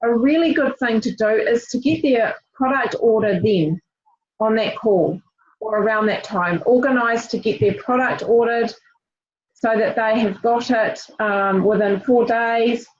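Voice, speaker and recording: A woman with a fairly high voice coaches her team on a group call. She talks directly and encouragingly, full of fillers and restarts. The audio is dull and lo-fi. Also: unhurried, slight background noise. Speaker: team leader.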